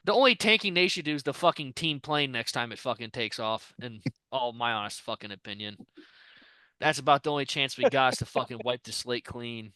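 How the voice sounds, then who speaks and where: Bright, fired-up ranting man. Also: medium pitch, lively intonation, brisk, clean tone, dry recording. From Ohio. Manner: profane, frustrated ranting. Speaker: co-host. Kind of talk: casual podcast rant.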